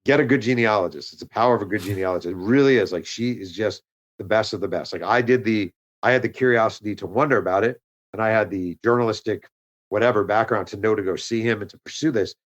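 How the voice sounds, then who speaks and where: A man with a somewhat low voice tells a story as a podcast guest. He moves quickly through the events and slips into the voices of the people he quotes, lifting his tone for their lines. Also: highs cut off. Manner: animated storyteller, acts out quoted dialogue. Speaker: author and guest. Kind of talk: conversational storytelling interview.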